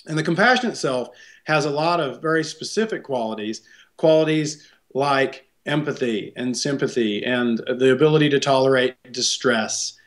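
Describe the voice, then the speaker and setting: A man, a psychologist guest, explaining ideas thoughtfully in an interview and often checking in with a tag question. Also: fairly high pitch.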